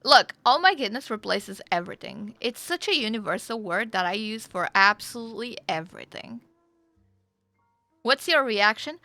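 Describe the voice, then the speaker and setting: A chatty woman with a high voice, streaming a roleplay game and talking in a casual, excitable way. Her tone is bright and edged, with a gravelly catch underneath, heard close and dry through a headset mic. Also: normal speed, no echo, soft background music. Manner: chatty, excitable, swears freely, laughs often.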